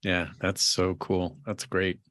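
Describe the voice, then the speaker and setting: A man hosting a podcast interview, speaking in a gentle, supportive and measured way. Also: sits low, monotone, dry recording, clean studio sound. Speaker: podcast host. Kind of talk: interview conversation.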